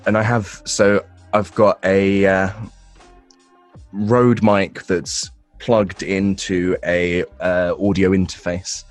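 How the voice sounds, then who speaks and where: Low-voiced young man, relaxed. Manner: relaxed, rambling with fillers and restarts. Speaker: voice actor guest. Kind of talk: casual interview answers.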